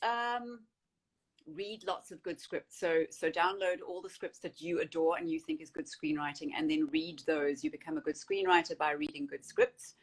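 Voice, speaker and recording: Woman, lowish pitch, chatty, lots of fillers, casual interview guest. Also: moderate pace. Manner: chatty, with many fillers and restarts. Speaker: actress and screenwriter, interview guest.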